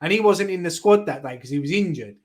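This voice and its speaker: A man's voice: high voice, lively intonation, fast, low-quality recording. Chatty man telling fan stories. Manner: rambling anecdotes with restarts. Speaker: fan channel host. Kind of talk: casual chat.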